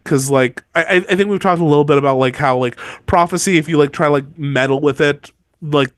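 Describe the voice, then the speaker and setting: Chatty man with a higher voice. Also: a little fast, dry recording, studio quality. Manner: rambling, many "like" fillers, mock outrage. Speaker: podcast co-host. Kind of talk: casual book-discussion chat.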